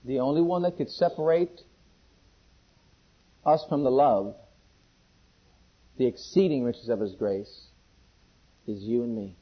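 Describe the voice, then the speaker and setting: A man preaching a sermon, shifting between loud, ringing scripture questions and hushed, intimate pleading, with questions put to the congregation. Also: mid-range voice, a little slow, pauses often, slightly rough. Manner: call-and-response questions to the congregation. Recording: dull, lo-fi sermon recording.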